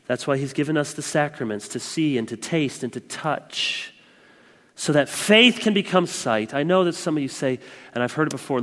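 A man's voice: mid-range voice, moderate pace, fairly bright tone. Impassioned man preaching in echoing hall. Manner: passionate preaching with emphatic repetition. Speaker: pastor. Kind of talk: sermon. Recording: long reverb from a large room.

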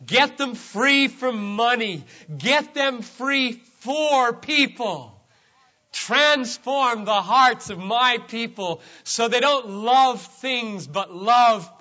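A man preaching a sermon, stressing key words by repeating them, with sudden swings between loud emphasis and quiet drops. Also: very high voice, expressive, extremely slow, highs cut off.

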